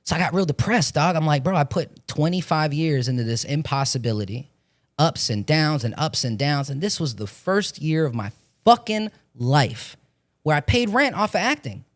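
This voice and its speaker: Fortysomething guy from florida, kinda high voice, swears a ton, rambling excited podcast stories. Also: normal speed. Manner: profane, animated storytelling with frequent swearing. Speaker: podcast guest, actor. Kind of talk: casual chat.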